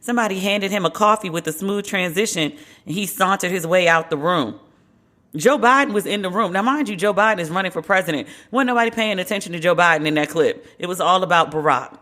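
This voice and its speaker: A woman's voice: fairly low pitch, quick pace, bright, forceful tone. A woman hosting a podcast, talking through the news in a candid, wry, casual solo commentary with playful asides. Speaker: podcast host.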